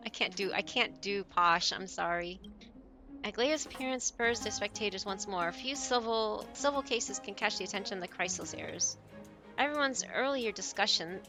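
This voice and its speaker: A woman's voice: medium pitch, animated, moderate pace, music in the background. A woman streamer chatting and reading game dialogue aloud, giggling often, into a desk mic.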